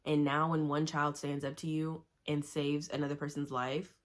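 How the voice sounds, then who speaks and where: Speaking in a deep voice with little pitch movement and at normal speed, a young book vlogger chats casually about what she's reading. She's opinionated, says "like" a lot, and drifts into asides.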